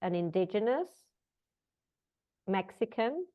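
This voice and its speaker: Woman, breathwork teacher, storytelling with acted dialogue, halting restarts, mid pitch. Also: very animated, lo-fi sound.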